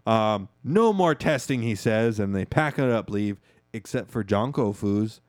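Profane podcast host recapping a movie. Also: male voice, on the low side, clean tone, dry recording, clean studio sound, soft background music. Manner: profane, keeps calling listeners "foos", acts out movie dialogue in quick asides. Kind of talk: casual movie recap chat.

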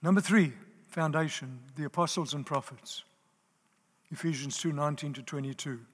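A man's voice: fairly high pitch, steady tone, normal speed, breathy edge. A man preaching a sermon to a live audience. He talks emphatically, repeats his key phrases and checks whether the listeners are still with him. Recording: long reverb of a large hall.

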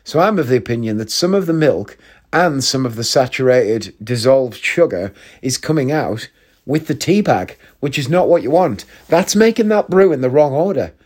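A man's voice: medium pitch, expressive, moderate pace, a little mellow, slightly rough. A young man hosting a podcast, telling rambling comic stories and swearing freely. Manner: chatty, swears freely, jumps between anecdotes. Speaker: podcast host. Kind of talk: casual comedic monologue.

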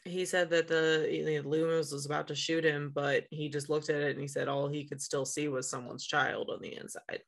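A woman co-hosting a podcast in casual chat, laughing along and adding quick asides. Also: low voice, little pitch movement. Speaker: podcast co-host.

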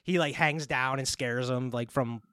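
A man's voice: mid-range voice, measured pace, a bit bright, no echo, studio quality. A man hosting a film review podcast, retelling scenes in casual chat with frequent laughs and casual swearing. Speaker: podcast host reviewing films.

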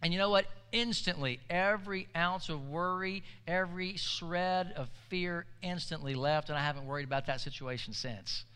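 Male pastor, high clear voice, storytelling sermon, echoey hall. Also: fairly even intonation, normal speed, hardly any pauses, sharp tone. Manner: storytelling, conversational preacher with call-and-response.

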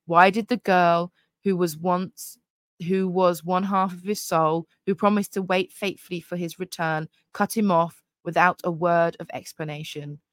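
A woman's voice: on the low side, no room sound, clean studio sound. A young woman hosting her own podcast, chatting casually and gushing about books, with lots of fillers. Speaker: podcast host. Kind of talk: casual solo podcast chat.

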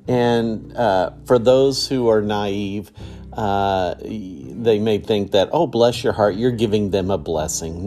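Male podcast host, middle-aged, low voice, drawn-out rambling delivery. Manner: rambling, relaxed, with many fillers and restarts. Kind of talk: casual solo podcast monologue.

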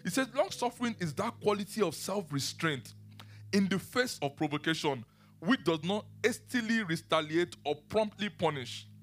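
A man preaching a sermon and teaching the Bible, animated, asking his listeners questions and laughing often. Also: high voice, moderate pace.

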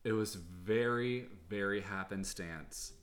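A man's voice: on the low side, slow pace, fairly bright tone. A young man hosting a podcast in casual chat, earnest and grateful toward his guest. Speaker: podcast host.

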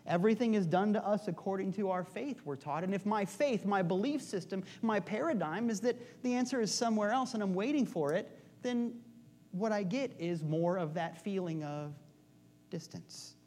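Man minister, high-pitched, chatty sermon delivery, swings from loud stress to near-whispers. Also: normal speed, a little hiss or hum. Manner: storytelling, shifts between loud emphasis and hushed asides. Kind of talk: conversational sermon.

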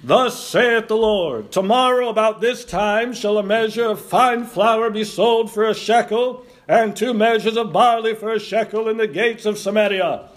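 Pastor putting on a slow booming old prophet, raised and loud, for a sermon reading. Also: male voice, close to an everyday voice. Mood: solemn. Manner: slow, booming, drawn-out proclamation. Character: solemn old male prophet proclaiming slowly.

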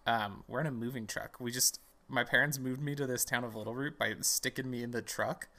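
A man's voice: mid-range voice, fairly even intonation, a little fast, bright, forceful tone. Rambling, easygoing man narrating a game. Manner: rambling and self-interrupting, with playful asides. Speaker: podcast host playing a game. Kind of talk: casual let's-play commentary.

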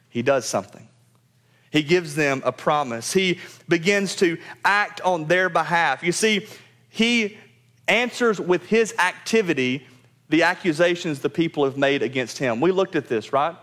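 A man's voice: on the high side, a bit bright. A man preaching a sermon as pastor. He speaks emphatically, repeats key phrases, and addresses his congregation directly.

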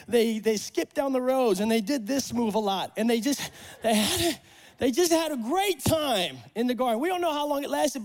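Man, pastor, very high-pitched, animated sermon, playful asides. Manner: animated, acts out Bible voices, jokes with congregation. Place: church service.

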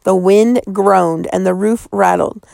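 A woman's voice: medium pitch, fairly even intonation, slow, vocal fry, a little mellow, no room sound. A woman reading a children's novel aloud, with a tense, suspenseful delivery. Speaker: audiobook narrator. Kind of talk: storybook reading.

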